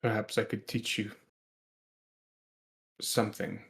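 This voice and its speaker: A man voicing an older woman shopkeeper in a tabletop game who speaks haltingly and fearfully and turns to shrill screaming. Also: little pitch movement. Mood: hesitant, fearful.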